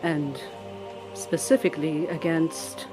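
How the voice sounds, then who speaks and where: A player voicing a formal male summoner who asks a creature for help, in a measured and polite way over background music. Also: medium pitch, flat delivery, close to an everyday voice. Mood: earnest.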